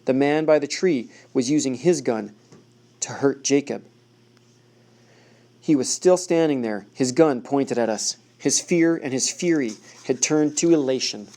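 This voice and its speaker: A male audiobook narrator reads a first-person story at an even, measured pace. His voice sits at a middle pitch with a dark, mellow tone.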